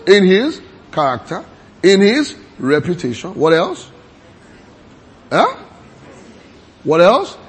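A man preaching a sermon, reading scripture aloud slowly and quizzing his congregation with repeated questions. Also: fairly high pitch, slightly rough.

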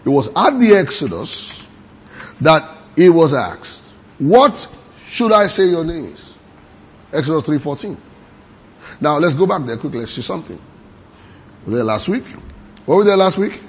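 Husky male preacher, kinda high voice, keeps asking the crowd questions and reads verses slow. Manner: animated, questions the congregation, reads scripture slowly. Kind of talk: sermon.

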